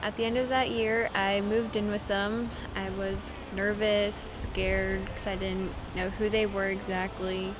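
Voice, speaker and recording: A teenage girl giving a soft-spoken, sincere personal testimony as a student. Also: medium pitch, little pitch movement, unhurried, hardly any pauses, background noise. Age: teens.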